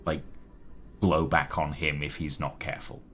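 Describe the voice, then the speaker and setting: A man's voice: rumbling low, level tone, normal speed, fairly bright tone, husky. A man narrating a tabletop game as game master, hesitant and full of fillers.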